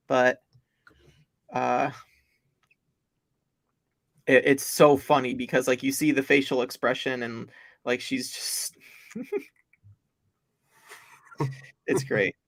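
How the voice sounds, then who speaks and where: A man's voice: medium pitch, steady tone, slow pace, creaky, pauses often. A man co-hosting a livestream, chatting casually in a rambling, amused way. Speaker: livestream co-host.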